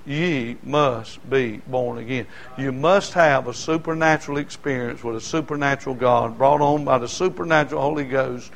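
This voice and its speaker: A male pastor, preaching a sermon that swings from quiet talk to shouting, repeating his phrases. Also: medium pitch, gravelly, low-quality recording.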